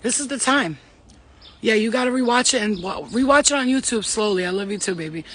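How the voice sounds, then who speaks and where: High-voiced man, fast and profane. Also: animated, fairly bright tone. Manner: fast, profane, playful, talks straight to chat. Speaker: spiritual reader, live-streaming host. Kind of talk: casual live-stream chat with viewers.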